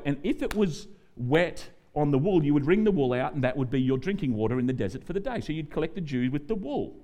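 A middle-aged Australian man preaching as a guest pastor, animated and joking, acting out the prayers and quotes he tells. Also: a little high. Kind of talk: sermon.

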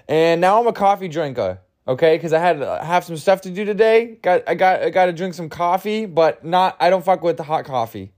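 A man's voice: fairly high pitch, lively intonation, moderate pace, a little mellow. A man hosting a solo comedy podcast, rambling and crude with self-mocking humor, groggy from an early start. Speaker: podcast host.

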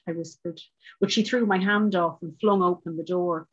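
Brief: woman author reading, measured and wry, low husky voice, muffled sound. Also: steady tone. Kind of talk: reading a short story aloud. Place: book launch.

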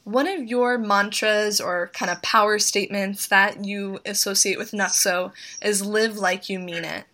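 A woman hosting a podcast, asking measured, reflective interview questions. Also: mid-range voice, fairly even intonation, sharp tone. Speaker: podcast host.

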